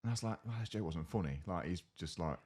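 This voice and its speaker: A young man co-hosting a casual podcast chat, telling an animated story and acting out other people's lines. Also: deep voice, quick pace, husky. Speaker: podcast co-host.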